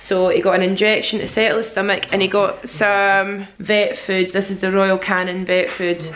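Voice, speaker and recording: A woman's voice: mid-range voice, little pitch movement, normal speed, a bit bright, a little hiss or hum. A young Scottish woman, sick and a bit weary, chatting candidly to camera in a casual vlog. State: sick and congested. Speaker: vlogger.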